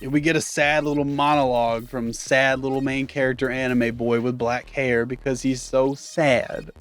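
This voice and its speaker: A man ranting through a sarcastic, profane comedic anime review, exasperated. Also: medium pitch. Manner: acts out characters in mocking voices.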